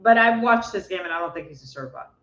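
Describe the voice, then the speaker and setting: A co-host on a live tennis chat show who chats casually and adds quick asides. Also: medium pitch, expressive, a bit bright. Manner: chatty, offers brief asides and quips. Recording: roomy, dull lo-fi live-stream audio.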